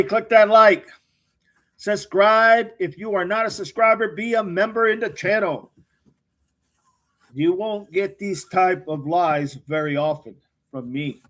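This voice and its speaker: A man hosting a casual livestream, reading out viewer comments by name and answering them with jokes. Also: high voice. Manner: reads viewer comments aloud by name, joking and quick responses. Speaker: livestream host reading chat. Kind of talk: casual live chat.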